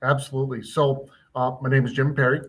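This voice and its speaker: A man's voice: medium pitch, level tone, fast. A man from Minnesota, a teacher, talking earnestly as a guest in a casual interview. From Minnesota, USA. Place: school building.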